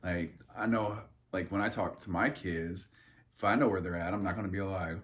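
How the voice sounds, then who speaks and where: Low-voiced man with crude, rambling asides. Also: steady tone, fairly quick. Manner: irreverent, crude joking asides; loose, rambling, many fillers and restarts. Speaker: Bible study leader. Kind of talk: casual Bible reading with commentary.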